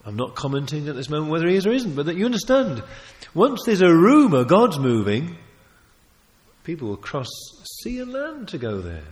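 A man preaching a sermon, emphatic and animated, often restarting his phrases and adding asides. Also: a little high, normal speed. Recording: long reverb of a large hall.

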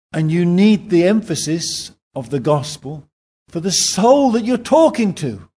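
A man preaching a sermon at a church in Singapore, slow and emphatic. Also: husky. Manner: slow, emphatic preaching with lively pitch swings.

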